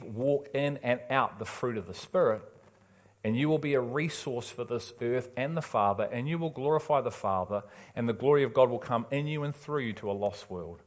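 A man preaching a sermon in a church, passionate and emphatic, swinging between loud urgent calls and quiet pleading. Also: medium pitch.

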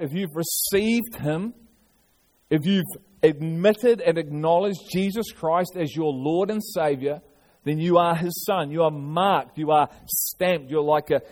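Male pastor, fairly high voice, earnest sermon with restarts and repetition. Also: moderate pace, a little mellow.

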